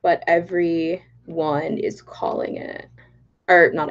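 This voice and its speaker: A young woman talks casually to her livestream viewers from home, bubbly and quick to giggle as she reads their comments aloud. Her voice sits at a middling pitch, and the stream audio is a little dull and muffled. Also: animated. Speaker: livestream host. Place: home in Texas.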